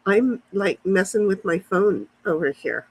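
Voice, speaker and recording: Husky-voiced woman chatting on a livestream. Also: medium pitch, expressive, measured pace, rough recording. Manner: rambling, answers live chat comments. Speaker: livestream host. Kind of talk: casual chat with viewers. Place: outdoors in a backyard. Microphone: phone.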